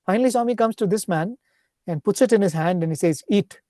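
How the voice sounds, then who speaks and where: A man giving a devotional talk, retelling stories in an unhurried, explanatory way and often checking in with a questioning "right?". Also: high voice, warm tone, no echo, studio quality. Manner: ends points with a questioning "right?". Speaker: spiritual speaker.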